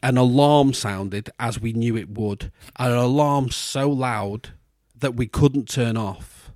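Brief: male podcast host, rambling storyteller, mid-pitched, close dry recording. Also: slow, a little mellow, no room sound. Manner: rambling anecdotes with restarts, slips into posh put-on voices. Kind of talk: casual storytelling chat.

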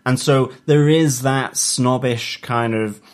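Male podcast co-host, everyday mid voice, halting and thoughtful delivery. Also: mid-range voice, fairly even intonation. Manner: hesitant, many ums and uhs. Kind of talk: casual chat reviewing a TV episode.

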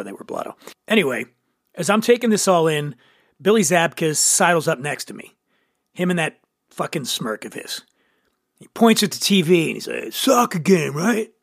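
Wry high-voiced man with a gravelly edge. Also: a bit bright, dry recording, clean studio sound. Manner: wry, sardonic asides. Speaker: podcast host. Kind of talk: comic scripted storytelling.

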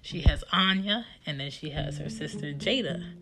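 A woman in her thirties casually telling stories about her children in an animated, chatty way. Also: low voice, normal speed, crowd noise. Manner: animated, chatty, acts out her kids' lines. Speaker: mother telling family stories. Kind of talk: casual storytelling. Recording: guitar music playing behind the voice.

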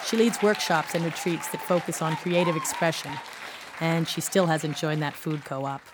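A woman radio host giving scripted, measured introductions. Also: low-pitched, fairly even intonation, over a noisy crowd, very noisy.

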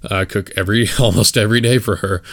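A man's voice: fairly low pitch, steady tone, quick pace, fairly bright tone, no room sound, studio quality. A man from West Texas, hosting a solo podcast, giving his opinions bluntly with many fillers and restarts. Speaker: podcast host. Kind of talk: casual solo podcast monologue.

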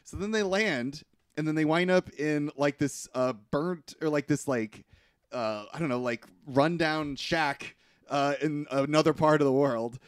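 A man's voice: fairly high pitch, measured pace, smooth, dry recording, studio quality. A man on a podcast recapping a movie with sarcasm and plenty of swearing. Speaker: podcast co-host. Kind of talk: casual movie recap chat.

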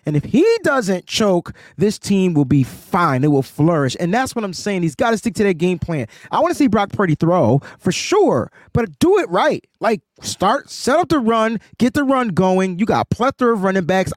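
Excitable male podcast co-host, high voice, dry close sound, ranting. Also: dry recording. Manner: animated, ranting, repeats words. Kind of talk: excited sports podcast chat.

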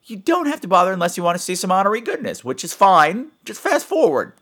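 A man with a fairly high voice sarcastically recaps a boring horror film. He rambles, mocks the plot and slips into quick impressions of the characters. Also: huge pitch swings, a bit bright. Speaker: movie reviewer. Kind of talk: comedic movie recap.

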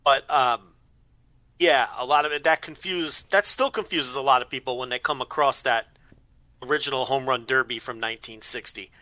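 A man's voice: medium pitch, normal speed, sharp tone, no echo. A man on a podcast, chatting casually and rambling, repeating words as he thinks. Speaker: podcast co-host. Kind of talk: casual chat.

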